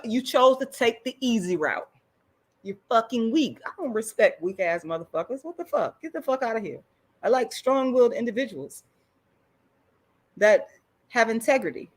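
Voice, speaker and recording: A middle-aged woman ranting on a live stream, blunt and profane, repeating herself when worked up. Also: fairly high pitch. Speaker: online commentator. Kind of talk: livestream rant.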